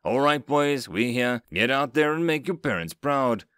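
A man's voice: medium pitch, expressive, normal speed, fairly bright tone, clear, resonant tone, no room sound, clean studio sound, lightly acted. A man voicing an upbeat male shuttle commander rallying his crew over the radio in an audiobook reading.

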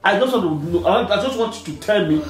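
Brief: middle-aged man as strict dad, high animated voice, loud scolding questions, echoey room, faint music. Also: fast talker. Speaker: strict father in skit. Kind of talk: comedic family skit.

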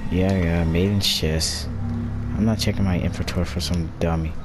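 A man giving casual, slangy commentary over a horror game, taunting enemies and shouting loud excited reactions. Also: low-pitched, normal speed, music in the background. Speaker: gaming channel host.

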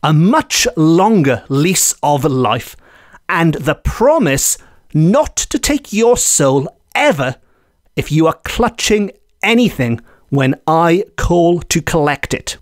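A man voicing an impatient, snarling male devil in a folk tale, lowering and slowing his voice. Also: big pitch swings, no echo, studio quality. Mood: menacing.

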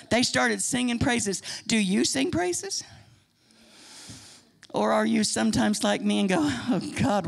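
A woman's voice: sits high, gravelly, a bit bright. An older woman with a Midwestern American accent, preaching in a church in a folksy, emphatic way. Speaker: church speaker. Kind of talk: sermon. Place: church sanctuary.

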